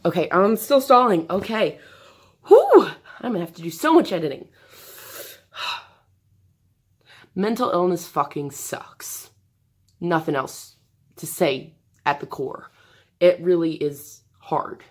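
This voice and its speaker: A woman vlogger talking candidly to the camera from her bed, in a halting, hesitant way with many restarts. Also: on the low side, animated, husky. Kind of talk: candid personal talk to camera. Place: bedroom, sitting on an air mattress.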